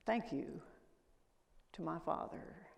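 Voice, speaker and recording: Older lady speaker telling stories to a crowd, talks slow, big echoey hall. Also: low voice, lively intonation, vocal fry. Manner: storytelling, asks the audience questions. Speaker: conference speaker. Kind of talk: conference keynote talk. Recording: reverberant lecture hall.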